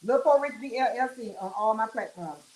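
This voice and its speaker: A woman's voice: on the high side, fairly quick, a little mellow. A woman hosting a casual livestream while cooking, folksy and chatty, calling viewers honey and child. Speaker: livestream host and weekend DJ. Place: home kitchen. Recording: echoey kitchen with frying sizzle. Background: fish frying and sizzling.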